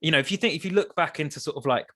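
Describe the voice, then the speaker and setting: A man, a songwriter guest on a podcast, talking in a thoughtful, hesitant way with many restarts, his voice still a bit rough from the early morning. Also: a little high, very fast, fairly bright tone. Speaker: musician guest. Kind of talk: casual interview chat.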